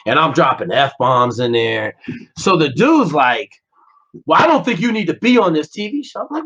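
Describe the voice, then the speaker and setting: This ex-Navy SEAL's voice runs high, very animated and fairly bright with a breathy edge, moving at a moderate pace. As a podcast guest, he tells a blunt, profane story and plays out the dialogue in a casual storytelling interview, heard through slightly dull lo-fi audio.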